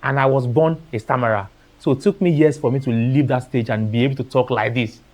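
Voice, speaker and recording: A man's voice: mid-range voice, brisk, a little mellow. A man with a Nigerian accent giving a motivational seminar talk as an artist, telling stories and slipping into Pidgin phrases. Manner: storytelling, acting out dialogue, dropping into Pidgin phrases.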